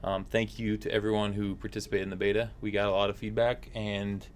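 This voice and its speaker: A man's voice: lowish voice, little pitch movement, brisk, a little hiss or hum. A man hosting a casual game livestream, chatty and upbeat, with frequent fillers. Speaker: stream host.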